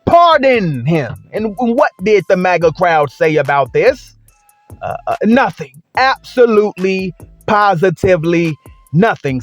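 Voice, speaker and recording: A man's voice: high-pitched, no room sound. A man delivering an opinion commentary rant, sarcastic and full of rhetorical questions and emphatic repetition. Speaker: commentary vlogger.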